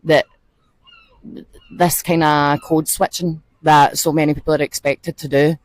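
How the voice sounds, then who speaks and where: A Scottish actor, a woman, talking in an animated, expressive way as a guest in a casual interview. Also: deep voice, a little slow, dry recording. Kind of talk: casual chat.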